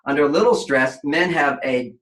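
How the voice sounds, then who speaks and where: A man's voice: on the high side, moderate pace, fairly bright tone. A man guest on an interview show, explaining relationships in an expansive way and acting out quoted voices. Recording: echoey room.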